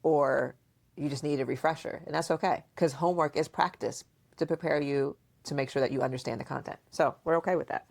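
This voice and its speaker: A woman hosting a casual podcast chat, asking questions and acting out remembered dialogue in a playful, animated way. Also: sits low, a little fast, gravelly. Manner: frequent laughter and questioning. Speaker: podcast host and mother.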